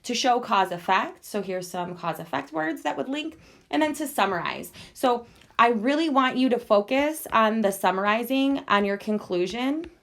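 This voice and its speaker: A woman's voice: a little high, expressive, moderate pace, gravelly, a bit bright. A woman teacher giving a recorded online lesson, explaining each step patiently and checking in with her students again and again. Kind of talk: recorded e-learning lesson over a screen walkthrough.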